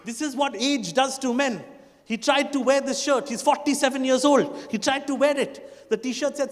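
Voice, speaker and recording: A man in his forties, from India, doing stand-up with a notably high voice and an Indian English accent. He works the crowd and teases them in an animated way. His voice rings out on a stage mic into a large hall with a long echo. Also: normal speed. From Kolkata, India. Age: 40s. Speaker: stand-up comedian. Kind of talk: stand-up comedy set.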